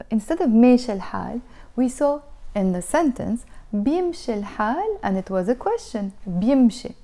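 Woman teacher, higher-pitched and warm in tone, patient, says each phrase twice. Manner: patient, repeats phrases slowly for learners. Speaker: language teacher. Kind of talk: explaining a language lesson.

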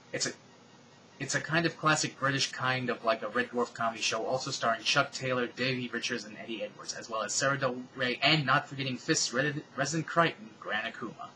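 A man's voice: medium pitch, pushed and bright, a little hiss or hum, low-quality recording. A man reading bad fan fiction aloud with sarcastic, exasperated asides.

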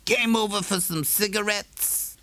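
A man voicing a wry, streetwise man who talks in a sly, slow drawl. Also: high-pitched, fairly even intonation, bright, forceful tone, pitched above the performer's own voice.

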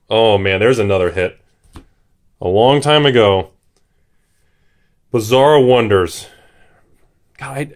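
A man hosting a card-opening video, talking in a hyped, jittery way and shouting at big pulls. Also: on the low side. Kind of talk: excited casual commentary.

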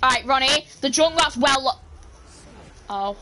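A young British woman streaming a team game and chatting with her teammates, with sudden shouts and playful swearing. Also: high-pitched, a little slow, slight background noise. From Britain. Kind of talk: live gameplay chat.

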